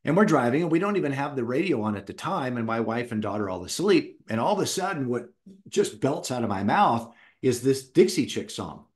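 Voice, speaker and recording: A middle-aged man who writes children's books tells his personal story in an animated way and acts out what he said back then. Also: mid-range voice, brisk. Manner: animated, acts out his own past words. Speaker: children's book author and founder.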